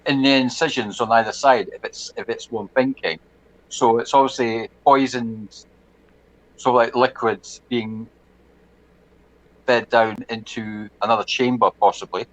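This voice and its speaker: Male player, casual and joking, inquisitive, average pitch. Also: steady tone, a little slow, a bit bright, rough recording. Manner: chatty, joking, asks many questions. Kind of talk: casual tabletop game play.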